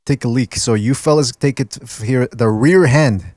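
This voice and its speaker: A man's voice: medium pitch, normal speed, darkish tone, no echo, studio quality. A man hosting a casual podcast, talking through analysis in a joking, easygoing way. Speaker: podcast host. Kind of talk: casual boxing podcast chat.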